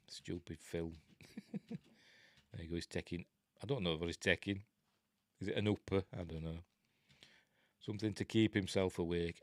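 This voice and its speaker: A man's voice: fairly low pitch, no room sound, clean studio sound. A middle-aged man with a Yorkshire accent, hosting a casual live film commentary with chatty, sarcastic asides. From Yorkshire, England. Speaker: film review host.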